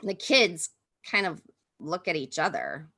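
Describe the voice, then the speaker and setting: A woman's voice: fairly low pitch, huge pitch swings, unhurried, creaky, bright, forceful tone, husky. A woman pastor leading listeners through a vivid second-person story in an intimate, conversational way, speaking over a video call. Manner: intimate, vivid, with many fillers.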